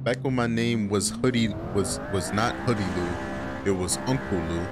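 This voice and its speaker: A lowish-voiced man speaking at a moderate pace, he's a gaming YouTuber whose casual commentary rambles, gets excitable, and is thick with swear words and fillers. The background carries loud game music and the roar of car engines.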